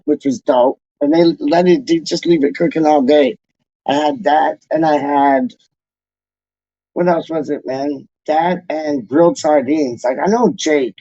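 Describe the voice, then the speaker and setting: A man's voice: a little high, dark tone, no room sound. A man hosting a football fan channel, chatting casually and loosely, calling the listener "dog" and "man". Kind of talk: casual rambling chat to camera. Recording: dull lo-fi dry sound.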